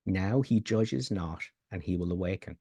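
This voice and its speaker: A man teaching spiritual ideas in a slow, calm way that turns hushed and quiet on key lines. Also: deep voice, breathy edge.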